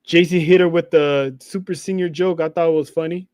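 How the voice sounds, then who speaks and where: A man co-hosting a casual wrestling recap podcast, his voice a bit higher than most men's. He tells each story in an animated way, acting out what people said and laughing along. The sound is dry and close. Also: brisk, no echo. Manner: animated storytelling, acts out quotes, laughs often. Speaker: podcast co-host.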